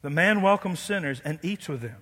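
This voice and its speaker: A man preaching a sermon as pastor, animated and playful, quizzing the congregation. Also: a little high, brisk. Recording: long hall reverb.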